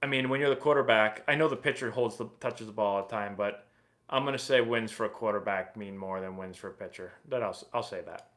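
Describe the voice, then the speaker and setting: A man in his thirties hosting a casual live stream, reading viewer questions aloud and answering in a relaxed, chatty way. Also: on the low side, brisk. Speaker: livestream host and former pro baseball player.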